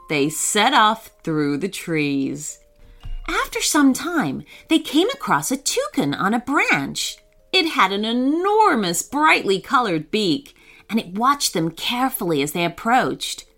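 A woman reads a children's story slowly, taking her time over each line. Her voice is bright and clear, sits a little high and swings widely in pitch as she narrates. Soft music plays quietly behind her. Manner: gentle, expressive voicing of children.

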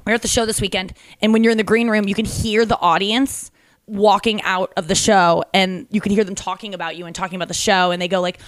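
A woman who is a comedian, a guest on a podcast, talking in blunt, quick comic asides. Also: medium pitch, steady tone, dry recording. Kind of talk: casual podcast chat.

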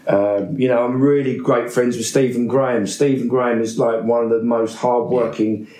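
Forties actor, anecdotal podcast guest, roomy sound. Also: male voice, medium pitch, normal speed. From England. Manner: animated storyteller, name-dropping with laughter.

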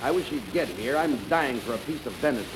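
A man playing the brisk, scolding straight man in a 1940s radio comedy, on a noisy old broadcast recording. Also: medium pitch, expressive.

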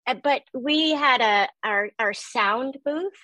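Woman, middle-aged, nasal youthful voice, lively self-deprecating storyteller, dry close recording. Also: high-pitched, takes it slowly, no echo, low-quality recording. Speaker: voice actor guest. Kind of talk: casual interview chat.

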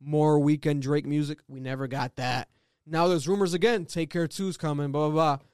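Animated man in casual podcast chat; high, smooth, dry close sound. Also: dry recording. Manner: animated, laughs often, quick rambling asides.

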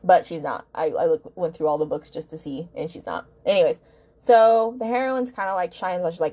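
A woman's voice: fairly low pitch, animated, a little fast, mellow, muffled recording. A woman hosting a book podcast, ranting casually in an exasperated, rambling way with lots of fillers.

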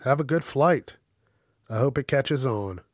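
A man riffs on odd news stories in a crude, swearing, ranting style. He speaks at an ordinary middle pitch, close to the mic with no room sound. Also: animated, a little slow, dry recording. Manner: crude, blunt, swears constantly, rants with outbursts. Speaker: host of a news commentary show. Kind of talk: profane casual news commentary.

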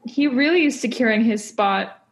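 A woman's voice: a little high, normal speed, creaky. A young woman co-hosting a podcast, chatting expressively about a book she loves. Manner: expressive, animated fan talk. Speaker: podcast co-host. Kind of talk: casual chat.

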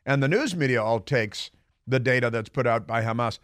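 A man's voice: medium pitch, normal speed, fairly bright tone, no echo. Male radio host for a political monologue: sarcastic, combative, meandering, close and dry in the studio. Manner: combative, sarcastic, rambling with many fillers. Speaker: radio talk show host.

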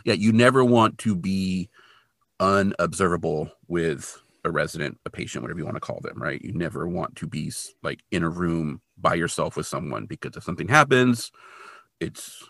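Gravelly low-voiced man recapping a show. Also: moderate pace, dry recording, clean studio sound. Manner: animated storytelling, lots of "like". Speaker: podcast co-host. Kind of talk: casual chat recapping an episode.

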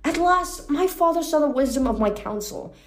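A woman's voice: fairly high pitch, expressive, normal speed, a little mellow, lightly acted. A woman voicing a cold, scheming snow goddess who sneers and purrs. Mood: smug. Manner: sneering, purring.

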